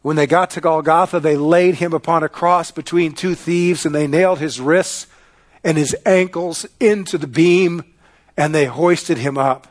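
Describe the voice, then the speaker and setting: A man's voice: fairly high pitch, steady tone, unhurried. Man preaching with dramatic swings. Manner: dramatic storytelling, swings from loud to hushed. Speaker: pastor. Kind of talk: sermon.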